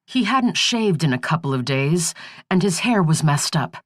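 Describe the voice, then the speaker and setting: A woman narrating an audiobook thriller in a slow, measured, steady reading. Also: low-pitched, no echo, studio quality.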